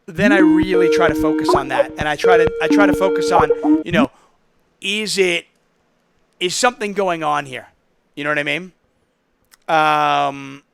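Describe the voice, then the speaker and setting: A man's voice: fairly high pitch, creaky, fairly bright tone, smooth, no room sound. A man hosting a casual call-in poker podcast, telling stories in a chatty, rambling way. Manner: chatty, storytelling, self-interrupting. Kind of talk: casual solo call-in show talk.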